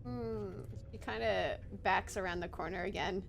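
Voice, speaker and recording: A woman's voice: medium pitch, normal speed, vocal fry, a little hiss or hum. A woman playing a tabletop game who describes her character's moves in an easygoing, tentative way. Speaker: player. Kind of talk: casual tabletop game chat.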